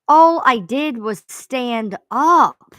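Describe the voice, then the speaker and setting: Lively rambling woman streamer. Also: fairly high pitch, drawn-out words, dry recording. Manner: rambling, swears freely. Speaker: livestream host. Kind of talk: casual livestream chat.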